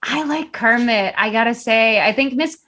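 A woman's voice: fairly high pitch, moderate pace, bright, forceful tone. A young American woman guest on a podcast, chatting casually, laughing a lot and swearing freely. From United States. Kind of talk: casual interview chat.

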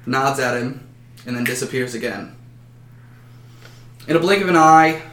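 A man's voice: mid-range voice, a bit bright. A man narrating a fantasy battle story dramatically, with occasional slips. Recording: roomy echo.

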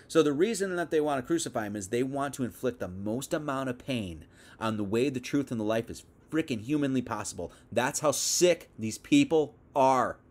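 A man's voice: medium pitch, lively intonation, moderate pace, darkish tone. A young man giving a casual, conversational Bible teaching, full of asides and restarts. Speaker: preacher.

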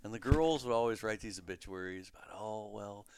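A man in his thirties telling a story on a podcast in casual chat, animated and acting out the voices of the people in it. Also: fairly low pitch, quick pace, slight background noise. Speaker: podcast guest.

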